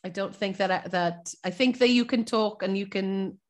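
A woman's voice: medium pitch, moderate pace. A woman with a Welsh accent, co-hosting a casual chat, mixing Welsh and English and laughing easily. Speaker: co-host. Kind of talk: casual chat reviewing a TV show.

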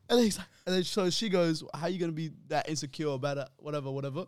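Young man, casual storyteller, lively and slangy, voice sits fairly high and swings wide. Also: fast talker, a little hiss or hum. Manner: animated, laughing often, heavy slang. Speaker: podcast co-host telling a story.

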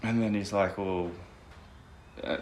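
A man's voice: deep voice, brisk, echoey room. A man co-hosting a podcast, chatting casually and retelling a conversation with lots of "I'm like.". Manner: relaxed, retells dialogue with many "I'm like". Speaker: podcast co-host. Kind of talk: casual chat, storytelling.

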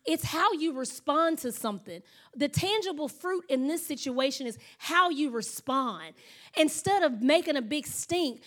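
A high-pitched woman in her thirties, preaching. She tells stories from the pulpit and slips into the voices of the people she quotes, then gets back to her point. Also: a bit bright. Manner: storytelling, acts out quoted voices. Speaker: pastor. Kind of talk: sermon.

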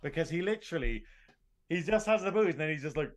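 A man co-hosting a podcast, retelling scenes in an animated way and acting out the lines. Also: fairly high pitch, fast. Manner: animated retelling with acted quotes. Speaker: podcast co-host. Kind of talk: casual review chat.

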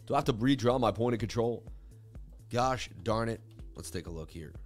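A man's voice: mid-range voice, expressive, normal speed, faint music behind. A man hosting a casual market-analysis livestream, rambling in a conversational, self-assured teaching way. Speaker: host.

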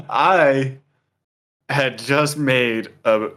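A man's voice: mid-range voice, unhurried, fairly bright tone. A young man telling a rambling story in a casual chat. He is laid-back, swears a lot and laughs often. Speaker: podcast co-host telling a story.

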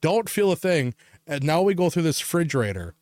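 A man's voice: a little high, brisk, no echo, studio quality. Swearing, laughing young man telling stories. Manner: swears a lot, laughs often, animated storytelling. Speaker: podcast co-host. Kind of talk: casual chat.

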